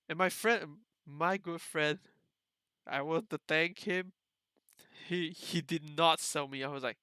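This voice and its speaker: Bright, crisp young man telling stories. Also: fairly high pitch, unhurried, no echo. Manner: rambling, many "like" fillers, laughs often. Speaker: podcast host. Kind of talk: casual storytelling chat.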